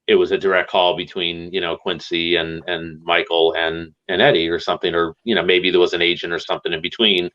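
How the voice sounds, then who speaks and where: A man hosting a casual livestream chat, telling rambling, animated music stories with laughs. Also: deep voice, brisk, hardly any pauses, lo-fi sound. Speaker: stream host.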